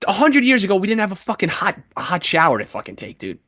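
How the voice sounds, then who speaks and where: A man's voice: high-pitched, fast, no room sound, studio quality. A man co-hosting a podcast in casual chat, telling stories with lots of swearing. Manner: animated, heavy swearing, storytelling. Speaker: podcast co-host.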